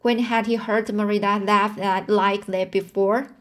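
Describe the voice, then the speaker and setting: Slow, halting woman reading aloud. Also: medium pitch, flat delivery. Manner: slow, halting, frequent restarts and fillers. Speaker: reader. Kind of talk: reading a novel aloud with commentary.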